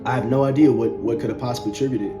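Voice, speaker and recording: Speaking very fast at a medium pitch with fairly even intonation, a young man recounts a personal story to camera. His loose, conversational telling is full of fillers and repeated words, and music plays underneath.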